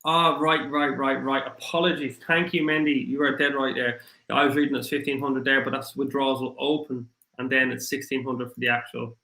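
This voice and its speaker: A man with an Irish accent hosting a casual livestream, rambling and apologetic, his voice getting rough after hours of talking. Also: mid-range voice, level tone, brisk, pushed and bright, roomy sound, low-quality recording. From Ireland. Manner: rambling, apologetic, thinks aloud with many fillers. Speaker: crypto livestream host. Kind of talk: casual livestream chat, reading viewer comments.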